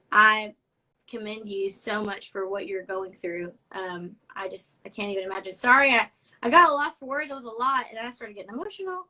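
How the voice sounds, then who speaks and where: Bright-voiced young woman hosting. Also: medium pitch, poor audio. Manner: chatty and effusive, gets emotional reading notes. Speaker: host of a live social media show. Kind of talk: casual live-stream chat, reading fan notes aloud.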